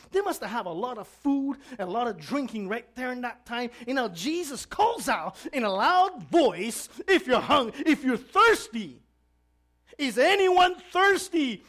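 Preacher swinging from shouts to hushed tones. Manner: swings between shouted emphasis and hushed, low-voiced asides. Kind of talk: sermon.

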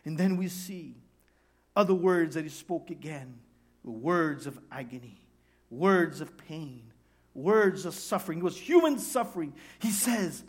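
A man with a fairly high voice delivers a sermon as pastor. He preaches dramatically, rising to loud cries and then dropping to near-whispers. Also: animated, measured pace. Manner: dramatic preaching, swinging from shouts to hushed tones.

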